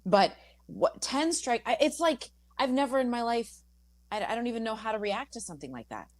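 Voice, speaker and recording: A woman co-hosting sports talk radio, effusive and excited, restarting her sentences as she raves. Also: a little high, brisk, no echo. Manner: effusive, gushing, trailing restarts. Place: radio studio.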